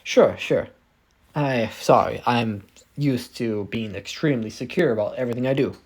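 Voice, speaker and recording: A man voicing a short, bald, scheming older man who speaks smoothly and coaxingly, reading a fan story aloud. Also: mid-range voice, moderate pace, a little mellow, natural voice.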